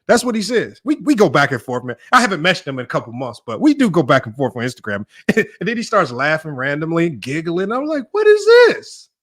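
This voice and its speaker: A man's voice: a little high, sing-song, fast, hardly any pauses, a bit bright. A young man hosting a sports debate livestream, riffing casually and joking as he talks straight at his viewers. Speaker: sports show host.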